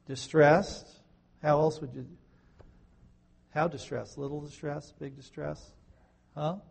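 Man, pastor teaching the Bible, gravelly voice, a bit husky, fairly high for a man, rhetorical questions, dry sarcasm, soft-to-loud swings. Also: flat delivery, measured pace.

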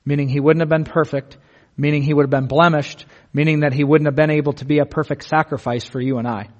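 Earnest male preacher, slightly high voice. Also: steady tone, lo-fi sound. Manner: earnest, vivid, slows down for emphasis. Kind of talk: sermon.

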